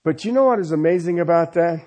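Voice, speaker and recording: Fast and mellow, with a fairly high pitch, a man delivers a sermon full of animated stories. He constantly asks rhetorical questions and turns to the congregation with "okay?".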